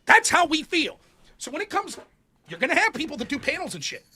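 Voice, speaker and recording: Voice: high voice, huge pitch swings, a little fast, pushed and bright. A streamer in a played clip, ranting with sarcasm and indignation and swearing heavily. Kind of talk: angry profane rant.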